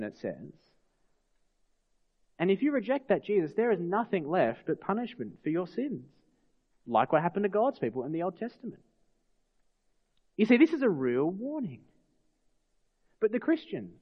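A man preaching a sermon as pastor, earnest and putting rhetorical questions to his congregation. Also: sits high. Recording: long hall reverb, dull lo-fi sound.

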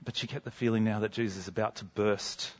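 Guy preaching a sermon, earnest and emphatic, goes quiet for drama, kinda dull lo-fi audio. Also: on the low side, fairly even intonation, fast talker.

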